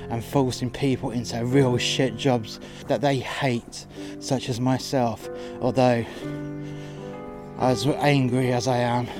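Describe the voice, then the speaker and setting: Man, furious profane rant, mid-pitched voice, over clear guitar music. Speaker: podcast narrator, door staff. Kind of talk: angry monologue rant.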